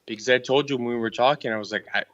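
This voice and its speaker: A man's voice: mid-range voice, fairly even intonation, racing, crowd noise. A male caller on a live stream, defensive and rambling, swearing a lot in a heated argument. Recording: dull lo-fi call-in audio.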